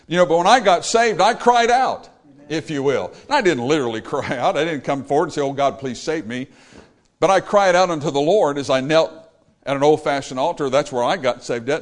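Preacher man with a swinging delivery. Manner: dynamic, swinging from loud exclamations to low quiet lines. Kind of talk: sermon.

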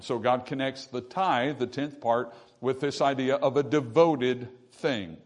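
A man's voice: medium pitch, steady tone, unhurried, hardly any pauses. A man delivers a sermon in a mid-range voice. He teaches patiently, asking the congregation rhetorical questions and repeating key phrases for emphasis. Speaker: pastor.

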